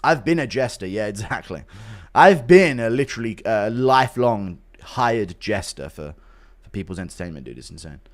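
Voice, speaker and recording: A man's voice: lowish voice, animated, normal speed. A man streaming and chatting casually with viewers, joking crudely and swearing freely.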